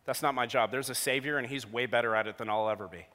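A man in his thirties preaching a sermon, telling a personal story with jokey asides, going from hushed to loud. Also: mid-range voice, quick pace. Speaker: pastor. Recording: long hall reverb.

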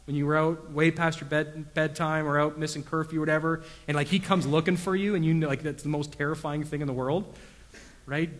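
A man's voice: on the high side, a bit bright. A man in his thirties preaching a sermon as a pastor, talking conversationally with lots of fillers and building to emphatic peaks. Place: church sanctuary. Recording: long reverb of a church hall.

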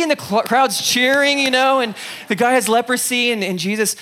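A pastor preaching a sermon in a conversational, animated way, acting out scenes and checking in with the listeners. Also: mid-range voice, moderate pace. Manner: animated storyteller, acts out scenes; conversational, frequent "okay?" asides.

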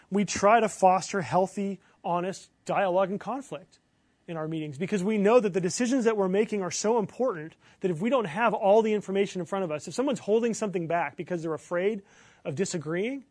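A man preaching a sermon as pastor, earnest, building to emphatic bursts and then dropping low. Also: a little fast, darkish tone, no room sound.

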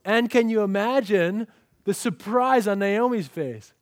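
A man's voice: high voice, measured pace, no echo, studio quality. A man preaching an expository sermon, telling the story with energy and acting out the lines he quotes. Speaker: pastor.

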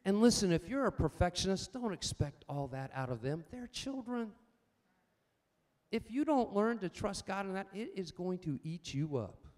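An older man preaching a sermon, swinging between loud emphatic points and quiet personal stories, calling out for amens. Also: high-pitched, big pitch swings, moderate pace. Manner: asks the congregation for amens. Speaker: pastor.

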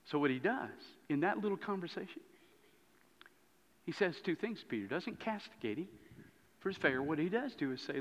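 A man preaching a sermon as a pastor, telling a story with lively swings between loud and hushed moments. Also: a little high, moderate pace, long pauses. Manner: animated storytelling, dropping to hushed tones. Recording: dull lo-fi sound in a reverberant hall.

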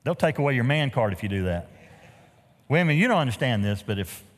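A man's voice: mid-range voice, fairly quick, big-room sound. A man preaching a sermon as pastor, telling stories with humorous asides. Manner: animated storytelling with humorous asides. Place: church sanctuary.

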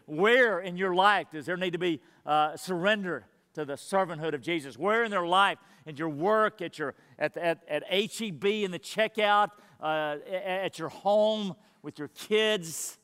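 A high, bright-voiced man delivers an earnest sermon as pastor. He presses his listeners with questions, and his voice rings out through the long reverb of a church hall. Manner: earnest preaching, rhetorical questions.

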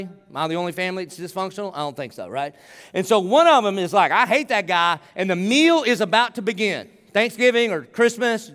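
A man in middle age delivers a sermon in a high, ringing voice. He moves between conversational asides and emphatic, pleading preaching. The church's long reverb trails behind each phrase. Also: a bit bright. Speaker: pastor. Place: church sanctuary.

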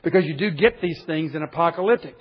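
A man preaching a conversational sermon, earnest, rising in pitch for emphasis and dropping to quiet asides. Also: quick pace, highs cut off.

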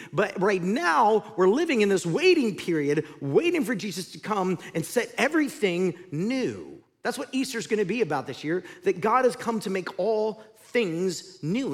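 A man preaching a sermon as pastor, swinging from loud emphatic lines to hushed ones. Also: sits high. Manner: animated, dramatic swings between loud and hushed. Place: church sanctuary. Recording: reverberant church hall.

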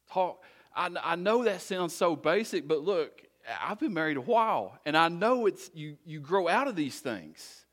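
A man's voice: on the high side, fairly bright tone. Man preaching with repeated exhortations. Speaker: pastor. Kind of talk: sermon.

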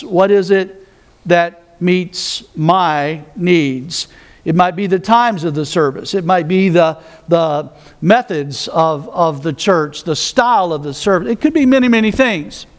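Male pastor, high voice, sermon delivered as easy conversation with self-mocking asides.

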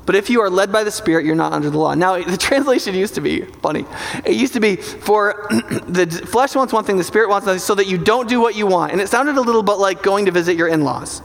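A man preaching a sermon in an animated, joking way, now and then acting out inner voices. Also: high-pitched, fast, creaky. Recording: large hall with long reverb.

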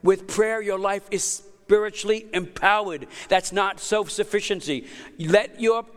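Man in his fifties, pastor, energetic sermon, chatty asides, high voice, long reverb of a church hall. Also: unhurried, smooth. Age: 50s. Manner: energetic, conversational preaching with asides and laughter.

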